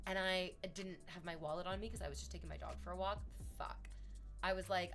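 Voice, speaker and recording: Woman streamer, rambling, self-deprecating, sudden loud bursts, faint music under. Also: on the low side, fairly even intonation, quick pace. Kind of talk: casual stream chat.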